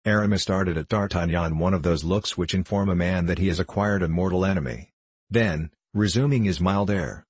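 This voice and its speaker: A male audiobook narrator with a deep, slightly husky voice. He reads in a steady, measured way, recorded close and dry with no room sound. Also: no echo. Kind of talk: scripted narration.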